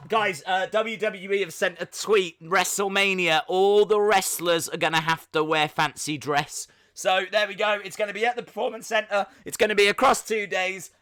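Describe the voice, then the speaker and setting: A man's voice: sits high, bright, forceful tone. A man hosting a live wrestling reaction stream, chatty and jokey, often laughing and slipping into mock voices. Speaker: livestream host.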